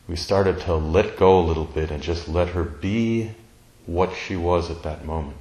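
A man telling a personal family story in a slow, tender, reflective way, pausing often. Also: low voice, darkish tone, roomy sound, poor audio. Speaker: speaker sharing a personal story.

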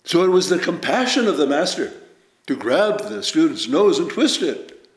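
A man giving a Zen dharma talk as teacher, measured and reflective, telling stories with lively emphasis. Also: on the high side. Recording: roomy echo.

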